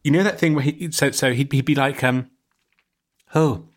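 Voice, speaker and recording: A man's voice: medium pitch, fairly quick. A man co-hosting a podcast over a video call, telling a story in a rambling, giggly way with many restarts. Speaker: podcast co-host. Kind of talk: casual comedic chat.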